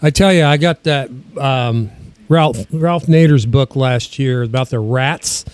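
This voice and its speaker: A man's voice: mid-range voice, a little slow, clear, resonant tone, no room sound. A man co-hosting a casual talk show, rambling as he talks. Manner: rambling, restarts, chuckles. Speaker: co-host. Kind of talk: casual chat.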